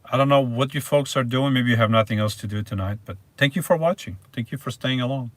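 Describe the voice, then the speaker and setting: A man's voice: medium pitch, quick pace, no room sound. Man, live-stream host, rambling chat, stumbles and restarts, dry close sound. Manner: rambling and hesitant, restarts words, reads viewer names aloud.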